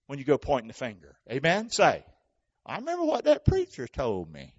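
A male pastor preaching a sermon to his church, calling for responses and swinging between shouting and hushed talk. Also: high voice, wildly swooping pitch, quick pace.

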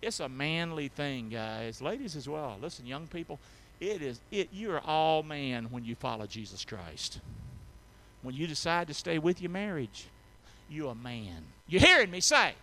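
A male pastor preaching a sermon in a church, drawing call-and-response from the congregation and swinging from soft asides to shouted emphasis. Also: on the high side, lively intonation, unhurried, slight background noise. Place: church sanctuary.

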